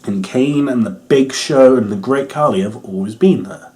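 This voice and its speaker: A man's voice: mid-range voice, normal speed, dark tone. A young man giving a casual, rambling wrestling review, amused and swearing, with lots of ums.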